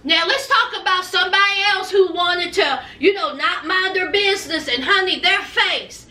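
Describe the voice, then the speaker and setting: A woman's voice: very high-pitched, sharp tone, roomy sound, far from the mic. A woman hosting a gossip commentary vlog, sassy and dramatic, calling people "honey" as she talks. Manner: sassy, drawn-out, says "honey" often. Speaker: host.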